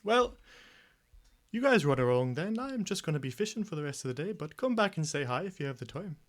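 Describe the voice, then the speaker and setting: A man's voice: on the high side, very animated, brisk, pitched above the performer's own voice. A man voicing a flustered, friendly middle-aged village fisherman in a tabletop game.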